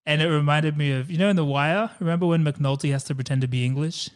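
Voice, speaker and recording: Fast, smooth and on the high side, the man's voice comes from a podcast co-host. He's talking about a movie in a relaxed, enthusiastic way, with frequent laughter and casual swearing.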